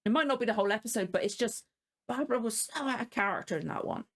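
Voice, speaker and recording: A woman's voice: on the high side, lively intonation, fast, a bit bright. A woman hosting a casual reaction video, rambling and frank, openly annoyed about the episode she watched. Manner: rambling and frank, many fillers and restarts. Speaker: reaction channel host.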